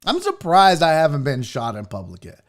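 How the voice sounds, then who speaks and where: A show host with a slightly high, slightly quick voice rants about his pet peeves while reading viewer comments. His casual show has a comic, profane edge, and he tells his stories with animated exasperation.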